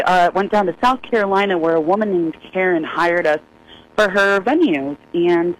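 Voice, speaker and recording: A woman in her sixties, a singer-songwriter guest, telling a story in a folksy, lively way and laughing often. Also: mid-range voice, poor audio. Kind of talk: animated storytelling.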